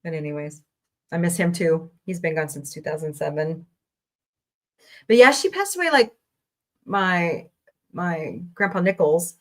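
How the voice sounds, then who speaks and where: A middle-aged woman hosts a casual talk show, her voice sitting slightly on the low side. She drifts from one tangent to the next in a chatty, rambling way. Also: animated, unhurried, long pauses, fairly bright tone. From American Midwest. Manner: chatty, rambling, laughs often. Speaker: podcast host. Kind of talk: casual chat.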